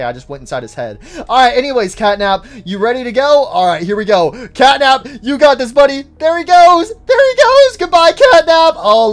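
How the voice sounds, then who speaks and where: Excitable man doing game commentary. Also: very high voice. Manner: excitable, shouts and cries out at falls; talks to game characters like pets. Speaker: gaming YouTuber.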